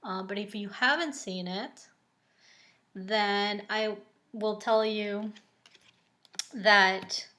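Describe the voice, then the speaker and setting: A woman giving an oracle card reading in a relaxed, chatty way, with many ums and likes. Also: fairly high pitch. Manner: slow and unhurried. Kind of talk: casual spoken card reading.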